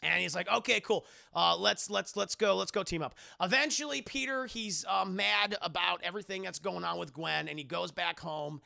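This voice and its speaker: A man with a high-pitched, creaky voice talks at a normal speed with hardly any pauses and a sharp tone. He gives his stream chat a sarcastic, profanity-laced spoiler recap of a film, addressing them directly and acting out the characters' lines along the way.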